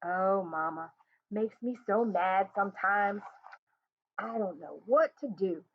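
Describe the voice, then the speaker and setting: A woman voicing a weary, sharp-tongued young mother, blunt and scolding. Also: fairly high pitch, expressive, normal speed, voice pushed up. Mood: teasing. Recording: tinny phone-like sound.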